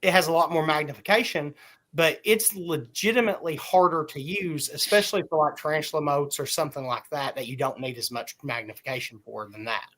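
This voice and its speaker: A man with a somewhat high voice co-hosts a podcast. He explains practical details step by step in easy, casual chat. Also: brisk, a bit bright. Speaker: podcast co-host.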